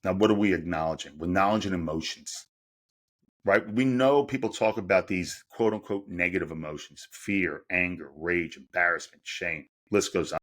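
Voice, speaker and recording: A man's voice: sits low, a bit bright. A middle-aged man, a mental performance coach, explaining his method in an interview and asking himself rhetorical questions as he goes. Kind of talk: podcast interview answer.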